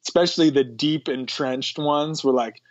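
A man's voice: fairly high pitch, moderate pace, no echo. A man speaking as a podcast guest in a reflective, conversational way, often laughing between thoughts. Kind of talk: conversational interview. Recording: dull, lo-fi dry sound.

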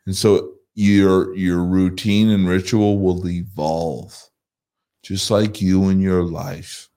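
A middle-aged male podcast host speaks in a very deep, steady voice that barely rises or falls. He talks in an earnest, measured way, like a motivational coach sharing what he has learned.

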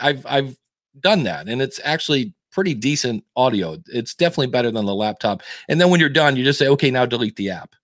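A man's voice: mid-range voice, dry recording, clean studio sound. A man explaining things practically as a guest in a casual podcast conversation. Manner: explanatory, animated, practical advice.

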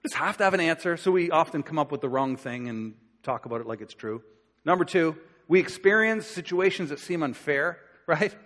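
A man preaching a sermon in a relaxed, conversational way, acting out quoted voices as he tells the story. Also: on the high side, fairly quick. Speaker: pastor. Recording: long hall reverb.

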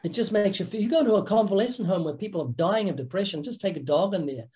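An older man with a notably high voice talks in a lively, joking way. He tells vivid stories in an interview. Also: fast. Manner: playful, joking, with vivid anecdotes. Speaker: podcast guest, evangelist. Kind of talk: animated storytelling conversation.

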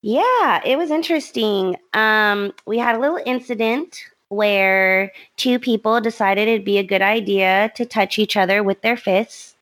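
A young woman chatting on a podcast, spinning a story with lots of energy and quoting the people in it. Her voice sits at a middle pitch and keeps an easy conversational tone. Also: measured pace, hardly any pauses. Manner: animated storytelling with frequent laughs and quoted voices. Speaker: podcast co-host. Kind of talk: casual chat.

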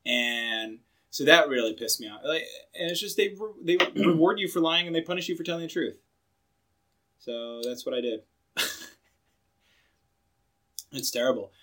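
Bright-voiced young man telling stories. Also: fairly high pitch, moderate pace, long pauses. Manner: animated, acts out quoted voices, filler-heavy. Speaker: podcast co-host. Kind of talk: casual podcast storytelling.

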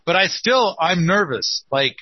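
A man's voice: sits high, animated, a little slow, husky, lo-fi sound. A man hosting a casual call-in chat, speaking in a playful, teasing way. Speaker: host.

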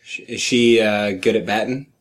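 A man's voice: on the low side, steady tone, normal speed. A man chatting casually and cracking teasing jokes. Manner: joking, teasing interjections. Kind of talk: casual chat.

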